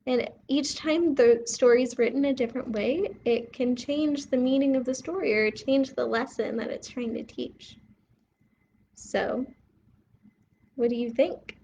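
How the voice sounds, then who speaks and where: Slow, gentle woman hosting a children's storytime. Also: high-pitched, fairly even intonation, gravelly, slight background noise. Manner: asks the viewer questions, pauses to let them think.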